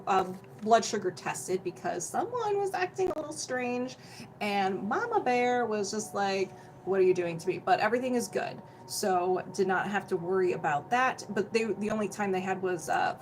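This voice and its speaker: In a rough recording with a little hiss or hum, a young woman's mid-range voice comes through as she runs a casual energy healing livestream at home. Bubbly and talkative, she explains things, greets viewers by name, laughs frequently, and feels hot and sweaty.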